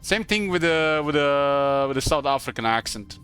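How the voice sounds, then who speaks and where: A man's voice: medium pitch, lively intonation, fairly bright tone, clear, resonant tone, soft background music. A man streaming a video game live, chatting casually and rambling with lots of fillers. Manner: rambling, halting with many fillers. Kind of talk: casual live gaming commentary.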